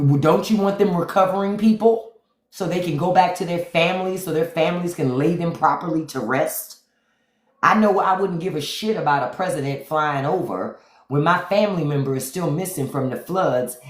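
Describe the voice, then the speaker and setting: A middle-aged livestream host with a slightly high voice speaks at normal speed, blunt and profane, greeting his chat by name as he comments. He's recorded on a phone in an echoey room.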